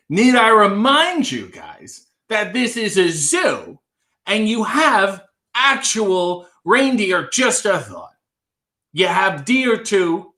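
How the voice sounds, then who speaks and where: A man's voice: high-pitched, bright, forceful tone, reverberant, heavily acted. A man voicing a grumpy, sarcastic anthropomorphic zebra in an improvised comedy bit, muttering dryly with weary sighs.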